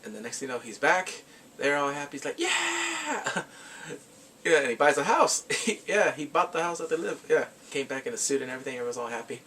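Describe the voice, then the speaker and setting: A man casually retelling a film's plot as a movie reviewer, animated, laughing often and acting out quotes in squeaky voices. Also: quick pace, recorded from a distance, slight background noise.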